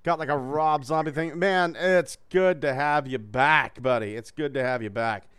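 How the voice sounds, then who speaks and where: A man's voice: fairly high pitch, moderate pace, a bit bright, clear, resonant tone, dry recording. A man hosting a casual podcast, joking, swearing and laughing often. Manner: profane, joking, laughs a lot. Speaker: host.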